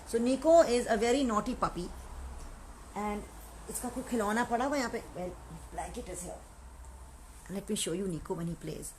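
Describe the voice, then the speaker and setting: A woman's voice: mid-range voice, lively intonation, very fast, pauses often, a little mellow, a little hiss or hum, poor audio. A woman from Pakistan chatting casually on a live stream, answering fans and mixing Urdu words into her English. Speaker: actress answering fan questions on a live stream.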